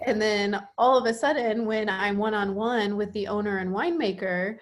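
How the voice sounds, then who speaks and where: A woman's voice: mid-range voice, fairly even intonation, normal speed. Chatty woman telling a self-deprecating story. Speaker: podcast guest. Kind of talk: casual podcast chat.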